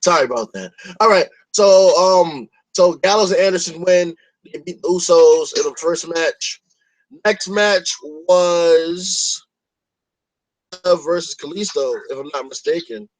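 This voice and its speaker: A high-pitched male podcast host in a loose, casual chat. He rambles through his opinions with plenty of swearing, restarting sentences as he goes. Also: unhurried, rough recording.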